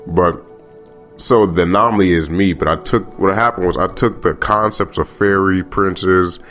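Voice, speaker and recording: A man's voice: low voice, fairly even intonation, moderate pace, fairly bright tone, soft background music. A man hosting a podcast in a casual monologue, talking passionately and repeating his phrases as he rambles. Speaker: podcast host.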